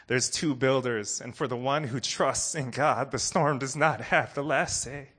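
A man preaching a sermon to a congregation, earnest, dropping to soft low lines and rising to loud ones. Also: a little slow, husky. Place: room with a congregation.

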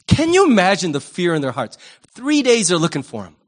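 A male pastor preaching a sermon in an animated, humorous, conversational way. He asks the audience questions and acts out quick voices. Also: sits high.

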